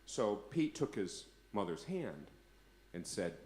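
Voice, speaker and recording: A man's voice: on the low side, big pitch swings, slow, a little mellow, very echoey. A man telling a comic story on stage, swearing freely, acting out the people he quotes and laughing at his own punchlines. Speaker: solo stage performer.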